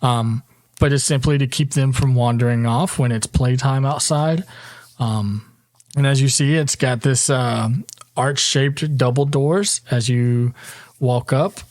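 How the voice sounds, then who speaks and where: A man's voice: mid-range voice, a little slow. A man runs a tabletop game as dungeon master. His narration wanders along loosely, full of ums and restarts. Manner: relaxed, meandering narration with many ums.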